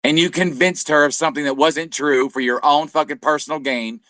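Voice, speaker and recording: A man's voice: on the high side, fairly even intonation, a little fast, a bit bright, no room sound, studio quality. A man co-hosting a livestream, delivering a heated, profane, accusatory tirade. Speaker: livestream co-host. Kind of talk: angry livestream rant.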